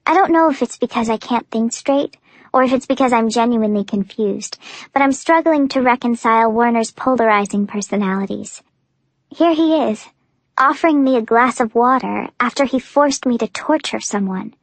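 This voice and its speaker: A woman's voice: fairly high pitch, moderate pace, no room sound. A young woman narrating a first-person audiobook with an emotive, breathless intensity.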